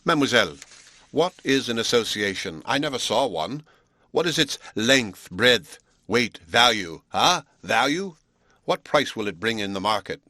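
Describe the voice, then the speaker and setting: A man's voice: fairly low pitch, animated, a little fast, a bit bright, no echo, clean studio sound. A man voicing a scornful, sneering Englishman in an audiobook, mocking and lecturing.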